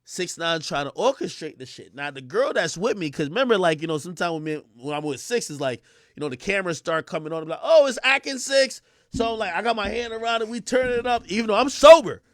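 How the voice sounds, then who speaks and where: Loud, animated male streamer. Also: high voice, fast talker, no room sound, clean studio sound. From Jamaica. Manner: loud, excitable, acts out quoted voices with big swings. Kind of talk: animated storytelling on a livestream.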